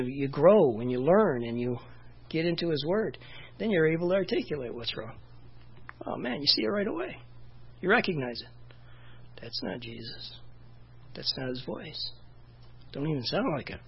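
A man's voice: a little high, slightly rough, muffled recording. A man preaching a sermon in a conversational way, often saying "you know" and restarting his phrases. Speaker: pastor.

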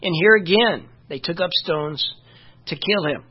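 Slightly slow and mid-range, with a husky, breathy quality, the voice belongs to a Bible teacher who discusses scripture casually, peppering it with "you know" and halting to find the right passage. It's captured on a muffled, low-fidelity recording.

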